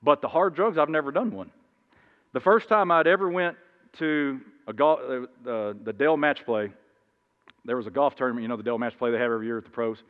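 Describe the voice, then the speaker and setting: A man preaches in a loose, conversational way, wandering through personal stories and acting out the other people's lines. His voice sits at an ordinary male pitch. The recording is dull and lo-fi, with a long echo from a church hall. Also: brisk. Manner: rambling, many restarts, acts out voices in anecdotes. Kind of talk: informal sermon with storytelling.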